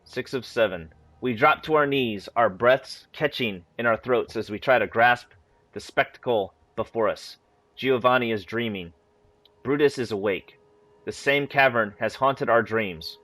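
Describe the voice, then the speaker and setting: A man with a mid-range voice reads game lore aloud in a steady, measured way. The sound is dry and close, with almost no room in it. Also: mid-range voice, no room sound. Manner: steady, measured reading with a few casual asides. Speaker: gaming channel host. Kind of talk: reading in-game text aloud.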